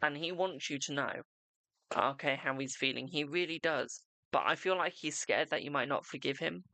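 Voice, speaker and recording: A young man gives a live-streamed tarot reading in a raised, gravelly voice with a bright, forceful edge. He talks in a soothing, repetitive way, checking in with "okay?" and calling the viewer his darling. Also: a little high, moderate pace, no echo. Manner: reassuring, repetitive, keeps saying "okay" and "my darling".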